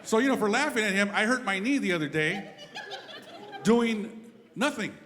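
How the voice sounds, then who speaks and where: A middle-aged man with a higher voice does stand-up at a comedy club, telling quick, lively stories and acting out characters in different voices. The live room has long reverb and a constant background hum.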